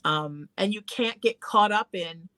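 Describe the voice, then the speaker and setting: A bright, forceful medium-pitched voice, a little slow, belongs to a woman of Irish heritage who works as a psychic talk show host. On her call-in program she gives earnest, uplifting advice in an easy, conversational way.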